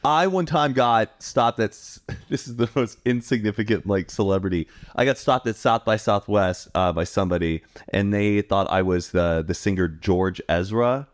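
A man co-hosting a podcast, chatting casually in an expressive way. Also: fairly low pitch, normal speed, few pauses. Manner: expressive, laughs often. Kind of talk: casual chat.

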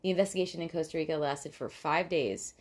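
Low-voiced giggly young woman podcaster. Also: quick pace. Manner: chatty and giggly, frequent fillers and profanity. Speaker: podcast co-host. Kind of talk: casual true-crime podcast chat.

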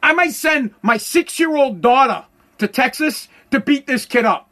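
A man delivering a profane comedic rant, loud and full of stammered repetitions. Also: very high voice, expressive, measured pace.

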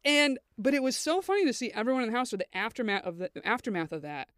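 Woman podcast host, quick animated storyteller with lots of cursing, dry close sound. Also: fairly high pitch, no echo. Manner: animated, swears freely. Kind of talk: casual chat, storytelling.

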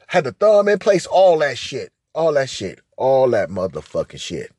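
A man hosting a podcast, telling a profane, excitable story and acting out scenes with shushing and cries. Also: mid-range voice, moderate pace, hardly any pauses, husky, dry recording. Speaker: podcast host. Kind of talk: animated storytelling monologue.

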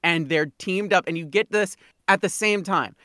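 A woman's voice: lowish voice, moderate pace, a bit bright, no echo, clean studio sound. A woman co-hosting a podcast in casual chat, talking emphatically and repeating herself to drive points home. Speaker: podcast co-host.

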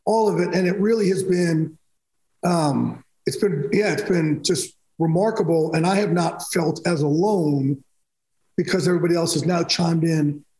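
A man's voice: on the high side, moderate pace, a little mellow, echoey room, rough recording. A man telling personal stories as a podcast guest, emphatic and rambling, restarting sentences often. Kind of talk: candid storytelling in a podcast interview.

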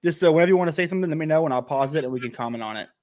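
A man's voice: a little high, rapid-fire, darkish tone. A joking, emphatic American man hosting. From United States. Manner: joking, emphatic, self-mocking. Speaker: host. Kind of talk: casual reaction chat.

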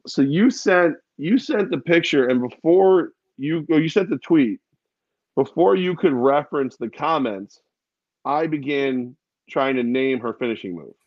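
A man's voice: fairly high pitch, expressive, a little slow, darkish tone, no echo, dull audio. A man co-hosting a podcast in casual chat, rambling through jokes and laughing often. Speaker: podcast co-host.

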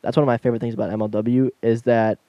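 Fast, upbeat young man co-hosting. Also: mid-range voice, flat delivery, warm tone, no room sound, muffled recording. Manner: fast-talking, enthusiastic, stumbles when slowing down. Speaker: podcast co-host. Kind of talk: casual podcast chat.

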